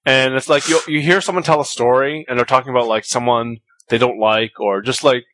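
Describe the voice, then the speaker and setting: A man co-hosting a relaxed podcast, speaking at a typical middle pitch for a man. He explains his points earnestly and thoughtfully. He laughs easily as he talks. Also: brisk. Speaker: podcast co-host. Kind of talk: casual comedic chat.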